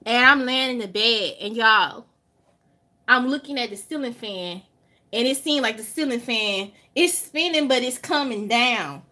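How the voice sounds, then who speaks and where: A woman with a Southern US accent, a vlogger telling a story to her viewers in an animated way, drawing out words for emphasis and swearing freely. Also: fairly high pitch, measured pace. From Alabama.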